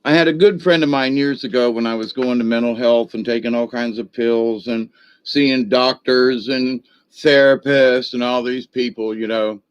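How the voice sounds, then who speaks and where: A man's voice: mid-range voice, steady tone, moderate pace, clean tone, highs cut off. A man giving a casual spiritual talk, telling stories in a rambling, folksy way with blunt, coarse language. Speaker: spiritual teacher. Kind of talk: casual spoken teaching.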